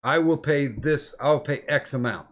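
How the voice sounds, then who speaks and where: A man's voice: a little high, moderate pace. A middle-aged man hosting a podcast, telling long rambling stories in casual chat, swearing often. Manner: profane, rambling storyteller. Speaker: podcast host.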